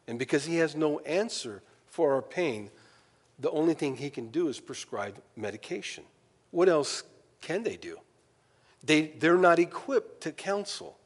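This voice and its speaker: A man preaching a sermon with a lively, swooping delivery, acting out little conversations and poking fun at himself. His voice rings out with a long echo, as if it fills a large church sanctuary. He talks in a plain, homespun way. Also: husky. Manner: animated, acts out quoted dialogue with jumps in pitch; folksy, self-deprecating humor. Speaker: pastor.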